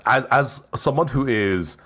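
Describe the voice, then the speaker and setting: A man's voice: medium pitch, animated, a little slow, fairly bright tone. A man streaming casually, rambling in a playful way and laughing often; English is not his first language. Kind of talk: casual live-stream chat.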